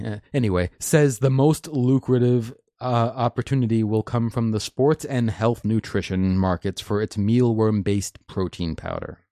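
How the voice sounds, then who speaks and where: A man's voice: mid-range voice, dark tone, no echo, studio quality. A man hosting a live stream, reading and commenting on news articles in an opinionated, rambling way, laughing often.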